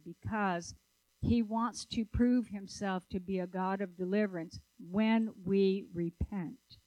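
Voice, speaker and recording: A woman preaching a sermon, telling stories in a lively, conversational way and asking the audience questions. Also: mid-range voice, dry recording, low-quality recording. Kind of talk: sermon with storytelling.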